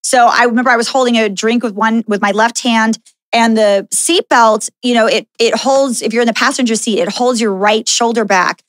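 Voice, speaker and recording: A woman's voice: on the high side, normal speed, dry recording. Chatty woman telling a story, dry sound. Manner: animated storyteller, many fillers and "like". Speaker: podcast host. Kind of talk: casual storytelling chat.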